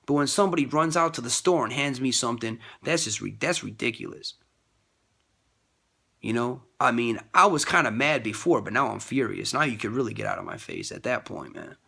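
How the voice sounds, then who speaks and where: A man giving a rambling casual monologue about faith and love, repeating himself and jumping high in pitch when he quotes others. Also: sing-song, fairly quick, creaky, bright, forceful tone, husky.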